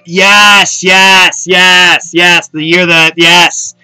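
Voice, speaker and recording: A man's voice: sits high, little pitch movement, extremely slow, sharp tone, clear, resonant tone, no echo, faint music behind, low-quality recording. A man hosting a casual sports chat, talking eagerly, repeating words and using many fillers. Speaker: host.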